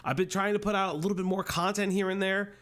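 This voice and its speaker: A man's voice: high-pitched, flat delivery, fast talker, fairly bright tone. A man hosting a casual livestream from home on a desk microphone, greeting chat in a playful sing-song way and rambling in asides. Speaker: livestream commentary host. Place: home streaming room.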